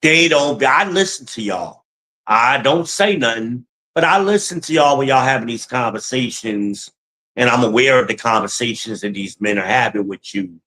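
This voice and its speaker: Middle-aged man, channel host, blunt profane rant, medium pitch, casual monologue. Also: expressive, moderate pace, pushed and bright, slight background noise, low-quality recording. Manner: blunt, profane, ranting and laughing.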